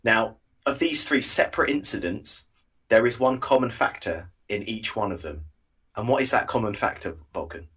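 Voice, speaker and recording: A young man co-hosting a podcast, telling stories in animated, casual chat and laughing at his own mishaps. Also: lowish voice, moderate pace, husky, far from the mic. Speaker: podcast co-host.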